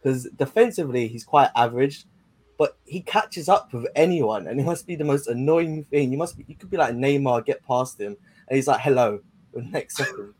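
Man, podcast caller, chatty, joking, excitable football talk. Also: medium pitch, a little fast, breathy edge. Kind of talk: casual football chat.

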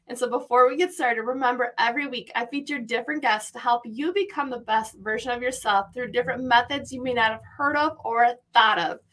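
A woman hosts a podcast interview, chatting effusively and enthusiastically in a casual way. Her voice sits on the high side with a fairly bright tone, and she talks a little fast with hardly any pauses.

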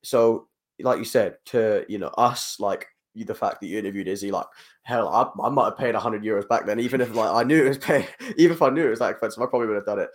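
Rambling, low-voiced man chatting quickly. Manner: rambling, heavy on fillers like "like" and "you know". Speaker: MMA journalist. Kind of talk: casual podcast chat.

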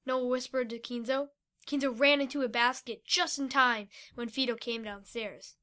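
A woman reads an adventure story aloud with a high, bright voice. Her narration is lively and animated, carrying the action forward with energy. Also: moderate pace.

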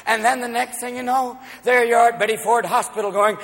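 A man doing a stand-up comedy routine, manic and loud, jumping between shouted voices. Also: very high voice, steady tone. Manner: manic, shouting, quick voice switches. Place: comedy stage before a live audience. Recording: live hall recording with crowd noise.

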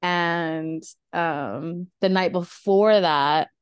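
Speaking very slowly in a lowish, clear and resonant voice, a young woman hosts a casual podcast talk about grief. She rambles, leaning on fillers and laughing nervously, and the recording is dry.

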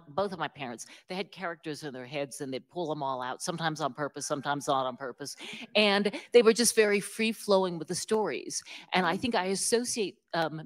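Lively, lower-voiced woman telling stories. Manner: animated, self-deprecating, laughs often. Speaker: author guest. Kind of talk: conversational interview storytelling.

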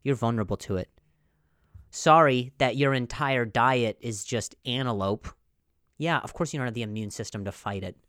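A man's voice: medium pitch, normal speed, fairly bright tone, dry recording, studio quality. A man hosting a podcast in a rambling, jokey monologue, stumbling over words and laughing at his own jokes. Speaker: podcast host. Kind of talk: casual comedic monologue.

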